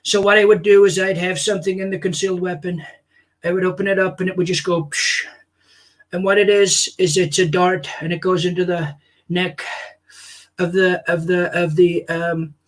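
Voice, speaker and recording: A man's voice: high-pitched, level tone, close to an everyday voice. A comedian voicing a boastful older male politician who rambles and praises himself. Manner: pompous, repetitive, drawn-out boasting. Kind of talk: comic impression on a livestream.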